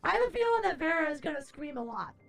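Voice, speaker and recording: A woman with a very high, gravelly voice hosts a live stream, chatting with viewers in a brash, profane and theatrical way. Music plays faintly behind her. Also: big pitch swings, fast, fairly bright tone. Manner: theatrical, playful.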